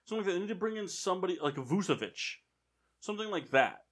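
A man's voice: high-pitched, sing-song, rapid-fire, a bit bright. A man co-hosting a casual sports podcast, arguing his opinions at length. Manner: opinionated, argues points at length. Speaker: podcast co-host.

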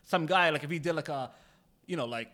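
A man's voice: on the high side, a little fast, pushed and bright. A man co-hosting a podcast who hesitates, restarts and laughs a lot in casual banter. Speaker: podcast co-host.

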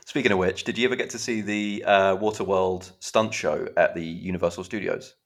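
A man co-hosts a relaxed podcast in a very low, deep voice. He talks freely and chattily, dropping the odd curse word. He likes to act out the bits he is describing. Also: moderate pace. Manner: chatty, swears casually, acts out film scenes. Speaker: podcast co-host. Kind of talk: casual chat.

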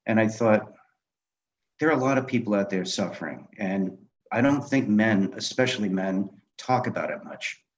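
Low-voiced man telling lively stories. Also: moderate pace, slight background noise. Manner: animated anecdotes, acting out quoted dialogue. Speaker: guest, film director and memoir author. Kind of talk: conversational storytelling interview. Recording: dull lo-fi audio.

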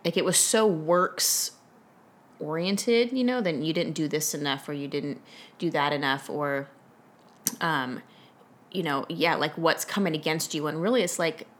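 A woman with a somewhat low voice talks things through in casual conversation. She is frank and reflective, working her thoughts out loud with plenty of fillers. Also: a little slow. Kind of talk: casual chat.

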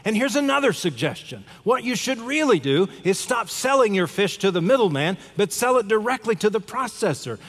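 A man's voice: sits high, fairly bright tone, voice pushed up. A man voicing a brash, pushy American tourist who lectures eagerly about getting rich. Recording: long hall reverb.

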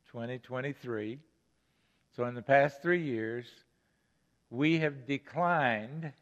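An older man preaching a sermon as pastor, earnest, stressing key words and repeating phrases for emphasis. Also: medium pitch. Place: church sanctuary. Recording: long church reverb, dull lo-fi sound.

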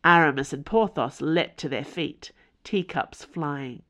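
Low voiced woman reading her own story, slow and unhurried. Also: fairly bright tone. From Tasmania, Australia. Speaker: author and podcast narrator. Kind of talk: scripted fiction narration.

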